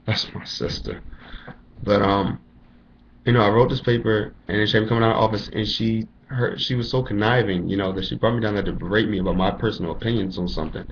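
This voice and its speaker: Speaking quickly in a lowish voice, this young adult college student rambles and swears through his story, leaning constantly on "you know." The camera-mic recording from a dim room at home has its highs cut off and a faint hiss or hum.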